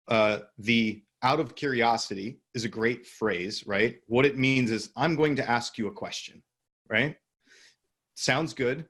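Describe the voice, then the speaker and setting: A man's voice: medium pitch, fairly bright tone, slightly rough. A man hosting a casual training discussion on sales calls, asking his co-host questions and steering the talk. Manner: conversational, leads with questions, frequent restarts.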